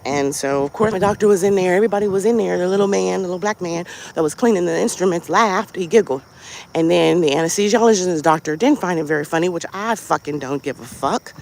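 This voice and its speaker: A fast, gravelly mid-range voice belongs to a podcast host recounting a story while walking outside. He or she keeps the casual monologue animated and profane, firing off rhetorical questions.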